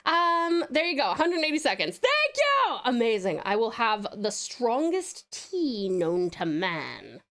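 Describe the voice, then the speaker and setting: A bubbly woman chatting on a live stream, warmly greeting viewers by name and showering them with pet names. Her voice is high and very lively, swooping up and down. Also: a little slow, few pauses. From Tasmania, Australia. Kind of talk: casual live-stream chat.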